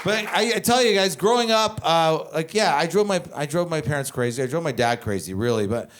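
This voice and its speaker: Profane, animated male stand-up comic. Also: a little high, brisk. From Canada. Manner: profane, animated storytelling with crowd work. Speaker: stand-up comedian. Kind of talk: stand-up comedy. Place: comedy club stage with live audience.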